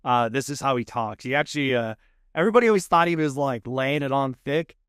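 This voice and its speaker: A man in his thirties with a Texan accent, a podcast guest telling his story in a casual, animated way and acting out the people he quotes. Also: medium pitch, fast talker, clear, resonant tone, no room sound, studio quality. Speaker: podcast guest, food show host. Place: podcast studio.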